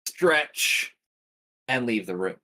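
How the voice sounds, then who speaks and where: Man, game master, slow storytelling, tabletop game narration. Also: medium pitch, expressive, pushed and bright.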